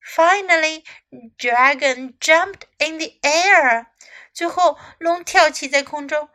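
Woman teacher reading a kids' story in two languages, high bright voice, slow and expressive. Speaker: English teacher.

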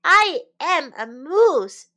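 A woman's voice: high voice, sing-song, slow, bright, forceful tone, full character voice. A woman voicing a stubborn, self-assured male moose in a children's story, speaking insistently. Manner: insistent, emphatic.

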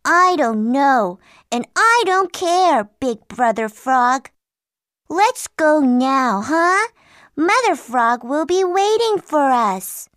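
A woman's voice: sits high, animated, takes it slowly, a bit bright, no echo, clean studio sound, full character voice. A woman voicing a small, timid young male frog in a children's storybook, whiny and pleading. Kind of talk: storybook acting.

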